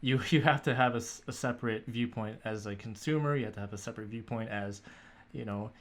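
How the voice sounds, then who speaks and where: A man's voice: lowish voice, fast talker. Twenty-something guy chatting on a podcast, laid back, laughs a lot. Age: 20s. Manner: relaxed, laughs while talking, trailing restarts. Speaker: podcast guest. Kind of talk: casual chat.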